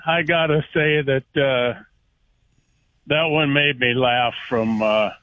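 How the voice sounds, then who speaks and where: A man's voice: mid-range voice, steady tone, slow pace, a bit bright, no echo, lo-fi sound. A man joining the show with good-natured, chuckling ribbing. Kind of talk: casual on-air banter.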